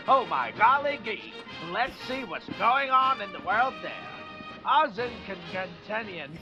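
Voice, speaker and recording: A man's voice: high voice, voice pushed up, low-quality recording. A man putting on a jaunty old-timey radio newsreader voice, exclaiming his way through headlines.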